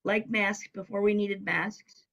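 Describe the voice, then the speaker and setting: Middle-aged woman, interview guest, animated anecdote teller, voices other people when she quotes them. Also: medium pitch, slow, vocal fry, poor audio. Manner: lively storyteller who acts out quoted voices. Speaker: guest, business coach. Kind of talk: casual storytelling interview.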